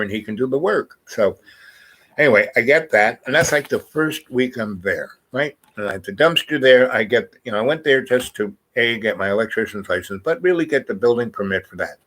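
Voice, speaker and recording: A man's voice: mid-range voice, a bit bright, poor audio. A man hosting a vlog, telling a meandering personal story with lots of fillers and restarts. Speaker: vlog host.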